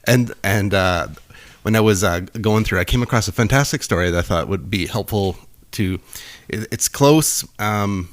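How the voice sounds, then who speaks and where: A man co-hosting a podcast in casual chat, telling jokes with lots of laughter and loud punchlines into a close mic. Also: lowish voice, moderate pace. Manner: animated, laughs often, shouts punchlines. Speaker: podcast co-host. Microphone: close studio mic.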